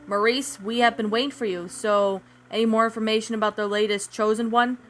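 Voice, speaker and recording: A woman's voice: on the high side, steady tone, soft background music, natural voice. A woman voicing a confident teenage girl agent with a put-on thick British accent. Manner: brisk, reassuring.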